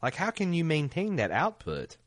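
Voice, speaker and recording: A man's voice: wildly swooping pitch, moderate pace. A man co-hosting a casual podcast, wry and jokey as he trades remarks about an episode. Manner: wry, jokey, slightly low-key. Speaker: podcast co-host. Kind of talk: casual recap chat.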